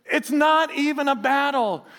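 A man in his thirties or forties, a pastor preaching a sermon, telling stories with animation and reading scripture slowly. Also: very high voice, big-room sound. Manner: animated storytelling, acting out others' voices; reads scripture slowly and gravely.

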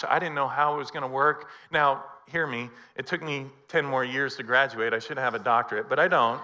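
A middle-aged pastor preaching a sermon, telling a personal story and acting out the dialogue. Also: male voice, medium pitch, sharp tone.

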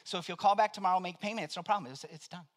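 A man quoting a kind female customer service agent in a soft, reassuring voice. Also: sits high, racing, natural voice. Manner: calm, reassuring.

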